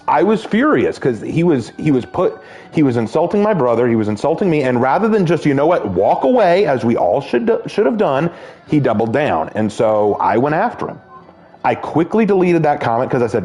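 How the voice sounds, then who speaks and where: A man's voice: medium pitch, very animated, normal speed, a little mellow, soft background music. An American man telling a long story to his viewers while playing a game, earnest and rambling, often restarting his sentences. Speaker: gaming YouTuber.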